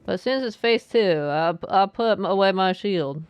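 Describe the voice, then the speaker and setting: A woman's voice: medium pitch, expressive, normal speed, clean tone, no echo. Playful woman streamer chatting over gameplay. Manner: playful, chatty, talks back to the game. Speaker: game streamer. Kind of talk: live gaming commentary.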